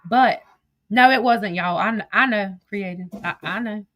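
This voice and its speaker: A woman's voice: medium pitch, moderate pace, a bit bright, no echo. Profane, gossipy woman reading texts aloud. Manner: profane, laughing, gossipy storytelling. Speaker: social media streamer. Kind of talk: casual commentary reading text messages aloud.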